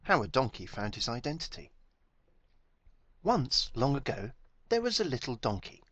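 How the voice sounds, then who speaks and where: A man reading his own children's story aloud with gentle, expressive storytelling. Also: mid-range voice, normal speed, dry recording. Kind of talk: storybook narration.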